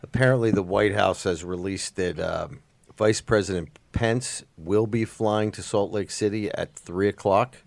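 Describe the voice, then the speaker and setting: A man co-hosting a radio show, reading out a news update in a measured, informational way. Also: lowish voice, gravelly, no room sound.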